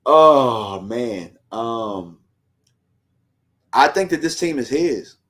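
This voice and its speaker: A man's voice: mid-range voice, expressive, extremely slow, fairly bright tone. A man hosting a fan livestream, ranting heatedly in slangy casual talk and reading out viewer comments.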